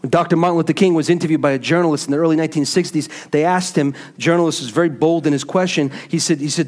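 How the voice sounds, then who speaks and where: A man preaching a sermon, swinging from low hushed lines to high impassioned calls, with repeated rhetorical questions to the congregation. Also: fast talker, hardly any pauses.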